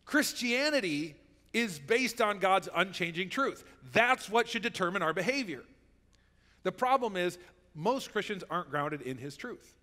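A man's voice: sits high, big pitch swings, unhurried, bright, forceful tone, big-room sound. A man preaching a sermon as pastor, in a conversational way that keeps checking in with the listeners. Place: church sanctuary.

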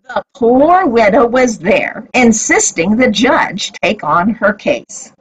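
Slow, lively woman telling Bible stories. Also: fairly high pitch, slightly rough, rough recording. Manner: expressive, lively storyteller. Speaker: Bible story teacher. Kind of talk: slow storytelling for children.

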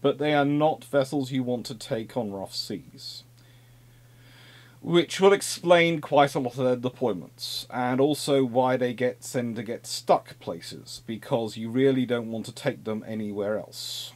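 A man giving an informal naval history lecture in a lively, conversational way, with asides and repeated phrases. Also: mid-range voice, unhurried.

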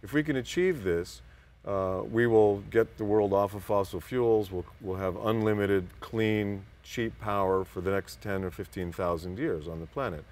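A man's voice: fairly low pitch, moderate pace, a little mellow. An older man being interviewed as a guest, telling long, rambling anecdotes and acting out other people's voices. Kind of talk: casual storytelling interview.

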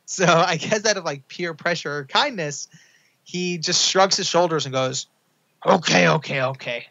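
Young male guest storyteller, bright forceful voice, dull lo-fi sound, acts out quotes. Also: normal speed, creaky. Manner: acts out quotes in a high excited voice. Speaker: podcast guest, author. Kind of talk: animated storytelling.

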